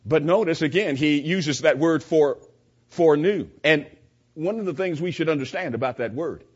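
A man's voice: a little high, moderate pace, slightly rough. A man giving a verse-by-verse Bible teaching, emphatic and repeating his key points. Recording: dull lo-fi recording.

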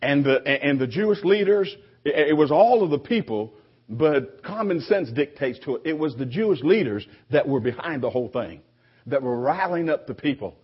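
A man preaching a sermon to his congregation, conversational, with frequent restarts and lively quoted voices. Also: a little high, moderate pace, slightly rough. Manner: conversational preaching with repeated restarts, animated quoting. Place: church sanctuary. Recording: dull lo-fi recording.

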